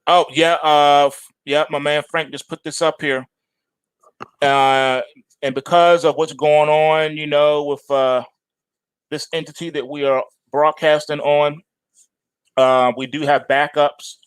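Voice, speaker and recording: Joking trading-stream host, dry close mic. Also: male voice, level tone, unhurried, clear, resonant tone, dry recording. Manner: playful, jokey, swings into high mock-whiny bits. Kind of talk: live-stream market chat.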